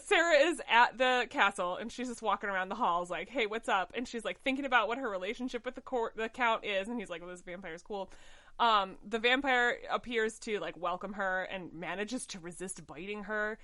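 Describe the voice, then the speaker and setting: A woman's voice: mid-range voice, fairly quick, sharp tone, no room sound. A woman in her thirties co-hosting a chat show, rambling and giggling as she recaps a story. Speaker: podcast co-host. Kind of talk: casual chat summarizing a musical.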